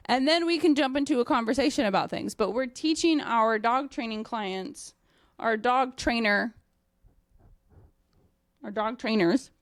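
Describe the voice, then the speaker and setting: A young adult woman dog trainer talking casually and bluntly about teaching clients, animated and swearing freely. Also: medium pitch, dry recording, clean studio sound.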